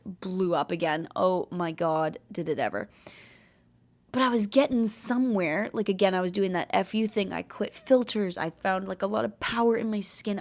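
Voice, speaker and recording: Earnest rambling woman in her late twenties. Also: medium pitch. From Canada. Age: late 20s. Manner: rambling, earnest, heavy on fillers like "like". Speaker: podcast host. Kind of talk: casual confessional chat.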